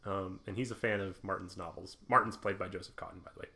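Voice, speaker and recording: A man's voice: deep voice, fairly even intonation, quick pace, a crowd in the background. A man hosting a casual podcast recapping an old film, laughing often and teasing his co-hosts. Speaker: podcast host. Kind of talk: casual movie recap chat.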